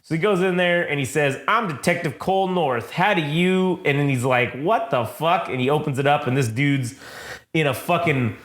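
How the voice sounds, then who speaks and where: A foul-mouthed man chatting about a comic book, his voice a touch high and bouncing around an echoey room. He rambles, restarts, and jumps into quick acted-out lines of the characters. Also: a bit bright. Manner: rambling, swears a lot, acts out quoted lines. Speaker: comic book podcast host. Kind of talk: casual profane chat recapping a comic.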